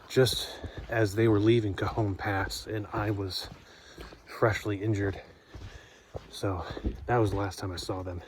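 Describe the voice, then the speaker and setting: A man talks to his camera while hiking a forest trail, in a lowish voice. He rambles through stories in a casual, loose way and acts out what people said. The outdoor audio carries clear background noise. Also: darkish tone. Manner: rambling storytelling with many fillers and acted-out quotes. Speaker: hiker vlogging on the trail. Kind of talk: casual spoken trail diary.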